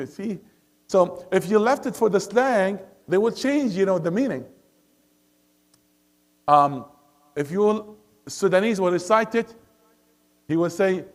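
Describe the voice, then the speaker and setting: Higher-voiced man teaching a Quran class. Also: lively intonation, measured pace, pauses often. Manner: switches between English and Arabic, asks the class frequent questions; recites Quran verses melodically. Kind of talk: teaching a Quran study circle. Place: mosque classroom.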